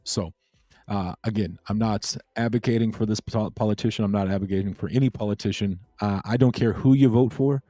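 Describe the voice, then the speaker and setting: A man's voice: fairly low pitch, steady tone, fairly quick, warm tone, no room sound. A man hosting a casual crypto livestream, rambling and laid-back as he chats with viewers. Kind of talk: casual late-night livestream chat.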